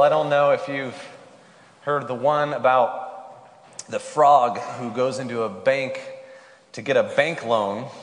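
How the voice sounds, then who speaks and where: A male pastor preaching a sermon, telling a joke and then posing rhetorical questions. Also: medium pitch. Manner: playful storyteller turning to rhetorical questions. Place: church sanctuary. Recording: hall reverb.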